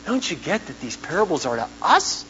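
Male pastor, sermon, fairly high voice, impassioned with big volume swings; dull old tape, faint hum. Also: big pitch swings, brisk. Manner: impassioned, swinging from hushed to shouting. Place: large church auditorium. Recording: dull 1990s church tape with hall echo and hum.

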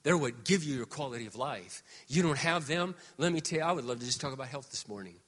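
A man in his sixties preaching a sermon as pastor, moving between quiet, confiding talk and loud, shouted exhortation. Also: medium pitch, animated, quick pace, in a large hall. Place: church sanctuary.

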